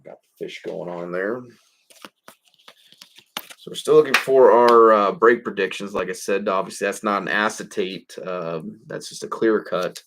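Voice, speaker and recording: A man with a somewhat low voice hosts a live card break. He calls out each pull in a loose, rambling way, with a stray curse and a quick chuckle here and there. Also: noisy background. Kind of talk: live card-opening commentary.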